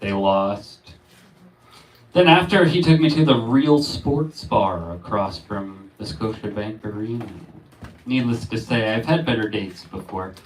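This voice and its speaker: A man's voice: lowish voice, measured pace. A man hosting a comedy show, doing his own set with a dry, understated delivery. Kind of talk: stand-up set and introductions. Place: comedy club stage. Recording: echoey noisy club from far off. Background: audience laughter.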